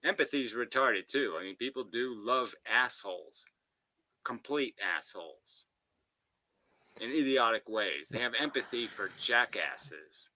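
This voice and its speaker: Combative male commentator, foul-mouthed and abrasive, piercing bright voice, dry booth-like sound. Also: medium pitch, dry recording, low-quality recording. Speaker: commentator reacting to a debate. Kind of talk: ranting philosophical commentary.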